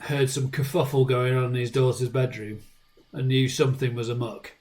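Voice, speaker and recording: Animated man telling stories. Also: mid-range voice, normal speed, slight background noise, low-quality recording. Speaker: podcast co-host. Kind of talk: casual chat.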